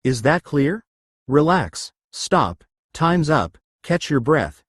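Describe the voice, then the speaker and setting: Husky guy coaching breathing and stretching, voice goes up and down a lot, dry close sound. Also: a little high, sing-song, slow pace, no room sound. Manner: coaching, giving step-by-step commands. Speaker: exercise and breathing instructor. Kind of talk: guided exercise instruction.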